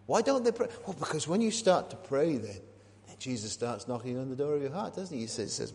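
A man's voice: medium pitch, very animated, fairly quick, darkish tone, slight background noise. A man, a minister preaching a sermon, talking conversationally and asking and answering his own questions. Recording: long reverb of a large hall.

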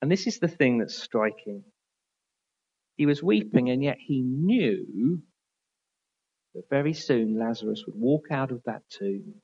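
A man preaching a sermon in an earnest way, often dropping to a near hush on key words. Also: on the high side, lo-fi sound. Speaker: pastor.

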